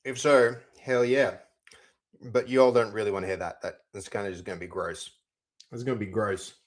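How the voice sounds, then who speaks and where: Here a young man codes on a live stream, rambling to his viewers, chatting with them and restarting often. His voice sits on the low side and moves at a normal pace.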